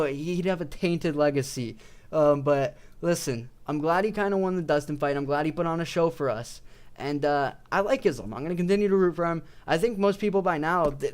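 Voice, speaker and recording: A man's voice: a little high, clear, resonant tone. A young man talking casually into a desk mic as an MMA YouTuber, swearing freely, restarting sentences and often saying "but listen". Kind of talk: casual rambling commentary. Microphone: desk microphone.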